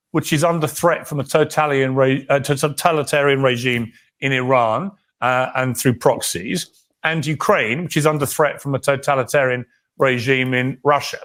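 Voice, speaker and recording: A man's voice: mid-range voice, normal speed, fairly bright tone. A man moderating a live televised debate, putting pointed questions to his guests. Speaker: TV talk show host.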